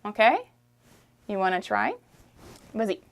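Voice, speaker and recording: A woman teaching a French lesson, repeating phrases slowly and encouraging the learner to try. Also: mid-range voice, vocal fry. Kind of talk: friendly language lesson.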